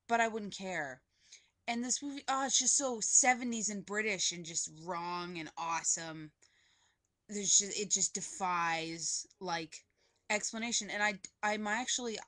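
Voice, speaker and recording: A woman's voice: lowish voice, pushed and bright. A young woman vlogging a casual movie review from home on a webcam, gushing and rambling with lots of "like". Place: indoors at home, poorly lit.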